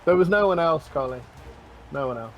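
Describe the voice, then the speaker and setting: Joking, higher-voiced male game commentator. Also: expressive, fairly quick, slight background noise. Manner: joking, self-deprecating banter, swears. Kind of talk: casual match commentary.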